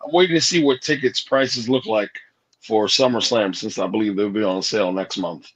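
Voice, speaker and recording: A man co-hosting a casual wrestling podcast, teasing his friends and getting excitable. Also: on the low side, normal speed, poor audio. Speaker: podcast co-host.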